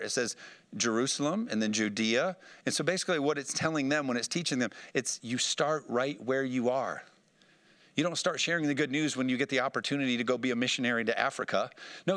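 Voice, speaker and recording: A man preaching a sermon, animated and calling for responses from the congregation. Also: medium pitch. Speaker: pastor.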